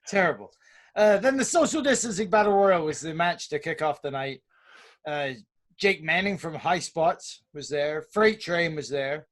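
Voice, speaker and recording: A man's voice: on the high side, expressive, moderate pace, a bit bright. A man co-hosting a wrestling podcast, recapping events wryly, swearing casually and laughing through his lines. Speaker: podcast co-host.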